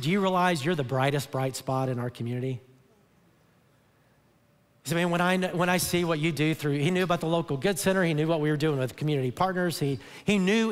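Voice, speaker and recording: Man, pastor, sermon, earnest, restarts often, emphatic peaks, big-room reverb. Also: on the high side. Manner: earnest, repeats words and restarts often, rises to emphatic bursts. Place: large church auditorium. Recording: long hall reverb.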